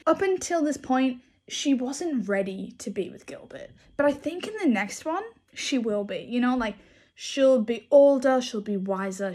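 Woman book vlogger, high breathy voice, blunt and exasperated casual chat.

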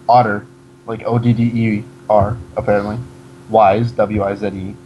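A man giving a comedic reading of a fan fiction, deadpan, breaking off to mock the text. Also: on the low side, moderate pace, dull audio, slight background noise.

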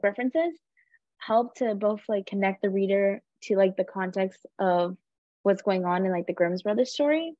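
A woman's voice: mid-range voice, no echo. A young woman student speaking in class, hesitant and filling her speech with ums and likes. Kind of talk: class discussion. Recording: dull lo-fi, dry sound.

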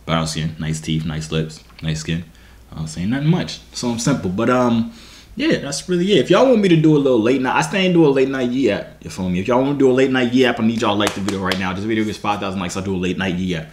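A man's voice: mid-range voice, expressive, rapid-fire. A young man vlogging in casual chat, slangy and asking "you feel me" again and again.

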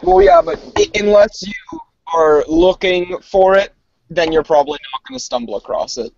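A man's voice: high voice, huge pitch swings, normal speed. A man talking in a casual online group chat, interjecting with opinions, heard over a muffled lo-fi call. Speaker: participant.

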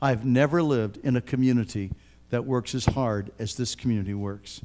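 A man in his sixties preaching a sermon as pastor, earnest and emphatic, speaking straight to his listeners and swinging from hushed to loud. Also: mid-range voice, moderate pace. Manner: addresses listeners directly.

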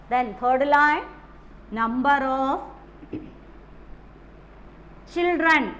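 A woman teaching a maths lesson. She drills the class slowly, repeating questions and answers in phrasing, and coughs now and then. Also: high voice, expressive, a bit bright, dull audio. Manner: slow, repetitive drilling with call-and-response questions; non-native English phrasing. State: coughing at times.

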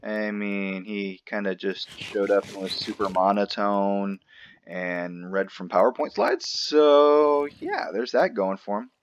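A man's voice: lowish voice, slow pace. A man hosting a gaming channel, talking casually through his play with joking asides to himself. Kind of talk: casual let's-play commentary.

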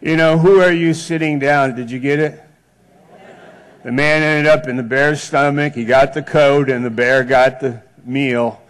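Male pastor, mid-pitched, unhurried sermon delivery with repeated phrases, church setting. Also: steady tone, smooth. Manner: slow, deliberate preaching with repeated phrases. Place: church sanctuary.

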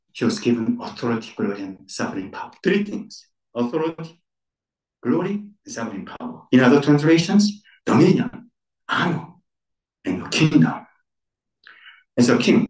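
A man's voice: medium pitch, big pitch swings, moderate pace, long pauses, a little mellow. A man preaching a sermon as pastor, emphatic, repeating key words with rising stress. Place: church centre. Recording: echoey room, voice from far off.

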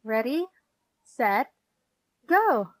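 A woman voicing a bossy, cheerful girl who runs the games, in a bright announcer tone. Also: fairly high pitch, very animated, drawn-out words, no room sound, full character voice, low-quality recording.

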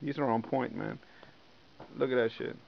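A young man reviewing sneakers in a casual, excited vlog, swearing often and repeating himself, recorded at home. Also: medium pitch, normal speed, gravelly, muffled recording. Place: indoors at home.

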